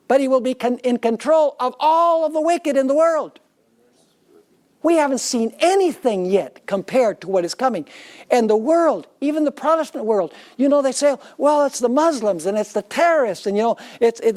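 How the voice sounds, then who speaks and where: A man's voice: very high-pitched, darkish tone. Emphatic male pastor preaching. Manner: emphatic, checks on the audience with rhetorical questions. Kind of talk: sermon.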